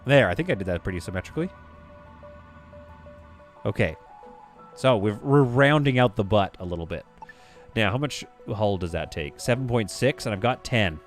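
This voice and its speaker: A man's voice: fairly low pitch, lively intonation, moderate pace, pauses often, soft background music. A man casually talking through a game on a live stream, reading viewer comments aloud. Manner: casual, chatty, reads chat aloud.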